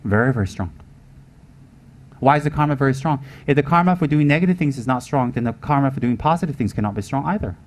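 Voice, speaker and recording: A man's voice: medium pitch, lively intonation, fast talker. A man giving a Buddhist teaching in an emphatic manner, repeating his points and asking rhetorical questions. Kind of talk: Dharma teaching.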